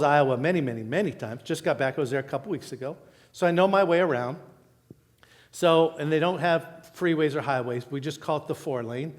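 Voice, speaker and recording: A man preaching a sermon as pastor, telling a funny story in a lively, animated way. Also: a little high. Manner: storytelling, animated, quotes people in raised voice. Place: church auditorium. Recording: live church hall with long reverb.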